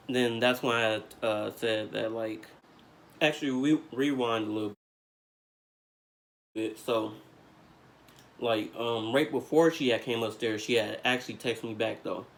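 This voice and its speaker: A young man vlogging, telling a story in casual slang with lots of fillers, getting animated as he retells it. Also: medium pitch, vocal fry, a little hiss or hum. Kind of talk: storytime vlog.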